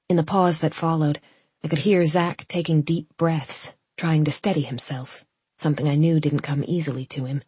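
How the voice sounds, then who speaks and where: A woman narrating a first-person audiobook in a measured, reflective way. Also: deep voice, steady tone, warm tone, breathy edge, dry recording.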